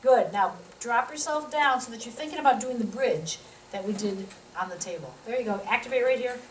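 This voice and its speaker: A woman, a physical therapy instructor, teaching a live demonstration and coaching a volunteer through an exercise with quick cues and encouragement. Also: on the high side, animated, a little hiss or hum. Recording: roomy sound from a distant mic.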